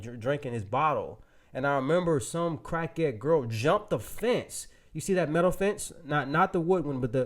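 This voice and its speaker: A man with a fairly high-pitched voice presents a real estate webinar. He tells his audience a casual, animated story, restarting sentences often and using lots of fillers.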